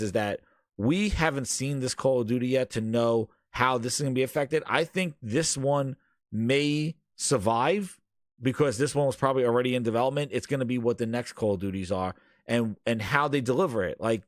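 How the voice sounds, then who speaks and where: Animated man ranting about games. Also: medium pitch, no echo, studio quality. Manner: animated, ranting, talks over the other host. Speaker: podcast co-host. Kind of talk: casual gaming podcast chat.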